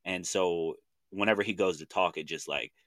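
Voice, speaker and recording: A man in his thirties from Oklahoma with an Oklahoma accent, co-hosting a podcast and telling a story in animated casual chat, acting out what people said in slangy talk. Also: deep voice, moderate pace, dry recording. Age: 30s. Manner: animated storytelling with slang, acts out quoted voices. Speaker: podcast co-host.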